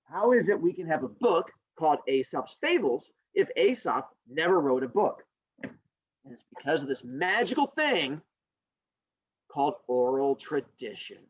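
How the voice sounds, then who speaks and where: Animated joking male teacher. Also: on the high side, normal speed, slightly rough, muffled recording. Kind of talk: classroom storytelling lesson.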